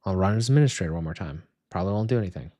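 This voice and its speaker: Setting up software on a live stream, a young man swears and grumbles in frustration, addressing both himself and his audience. He speaks in a low-sitting, animated voice at a racing clip.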